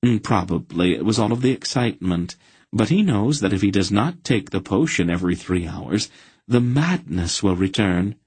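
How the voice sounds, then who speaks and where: A man's voice: on the low side, lively intonation, moderate pace, darkish tone, husky, no room sound. A man reading a wry, commanding older woman who schemes sweetly and a little slyly. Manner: sweetly scheming, slightly sly.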